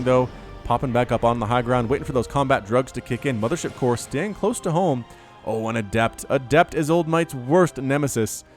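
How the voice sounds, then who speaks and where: A man doing upbeat, jokey solo commentary on a strategy video game, recorded close on a desk mic at home. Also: mid-range voice.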